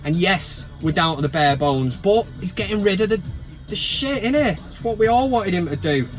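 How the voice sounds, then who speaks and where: A man's voice: high voice, animated, moderate pace, faint music behind. A man chatting casually to camera about his football club from inside a van, full of jokey, sweary banter and mock outrage. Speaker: football fan vlogger.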